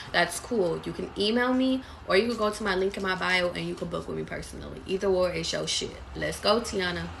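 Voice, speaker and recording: Gravelly, bright-voiced woman tarot reader. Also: medium pitch, slight background noise. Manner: blunt, profane, calls listeners baby. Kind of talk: live tarot reading to viewers. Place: away from home.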